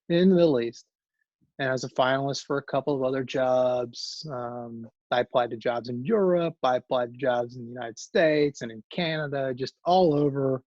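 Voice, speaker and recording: An engineering librarian, a man with a medium-pitched voice, is the guest speaker, recounting his career in a loose, informal talk and correcting himself as he rambles along. The audio is dull, lo-fi call quality with no echo.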